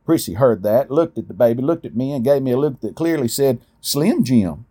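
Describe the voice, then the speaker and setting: Husky, mellow-voiced folksy storyteller man. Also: medium pitch, expressive, fast. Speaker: storyteller, podcast host. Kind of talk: storytelling narration.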